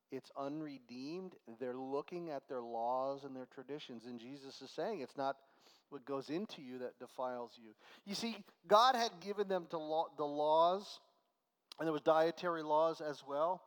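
A male pastor giving a conversational verse-by-verse sermon, reading scripture slowly and building to emphatic points. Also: fairly high pitch, long reverb tail. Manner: conversational preaching, slow deliberate scripture reading, swells to emphatic.

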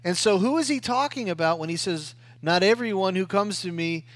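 A man preaching a sermon in an emphatic style, swinging between loud rising lines and quiet drops, often tagging "right?". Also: high-pitched, a little fast, no echo. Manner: emphatic, rising and falling preaching with tag questions.

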